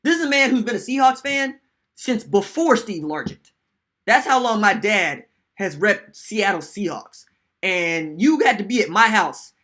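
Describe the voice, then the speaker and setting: A man hosting a live-stream sports podcast in casual, animated chat, reading viewer comments aloud. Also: high-pitched, unhurried. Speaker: podcast host.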